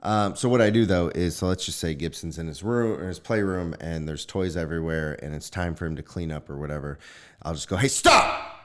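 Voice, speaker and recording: A man co-hosting a casual podcast chat, telling a parenting story with lively retellings of what he says to his son. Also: low voice, a little fast. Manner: animated storyteller, acts out his kid's voice. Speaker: podcast co-host.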